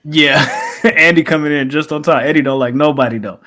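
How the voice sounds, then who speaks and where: A man co-hosting a podcast in relaxed, slangy casual chat, often agreeing with his co-host. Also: a little high, a little fast.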